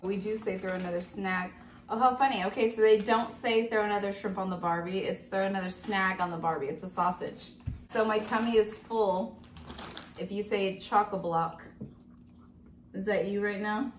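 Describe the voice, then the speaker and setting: A woman's voice: medium pitch, steady tone, moderate pace. Cheerful woman hosting in an echoey room. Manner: cheerful, giggly, leading the kids. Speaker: host. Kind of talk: casual family snack-tasting chat. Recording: echoey room, camera from a distance, faint noise.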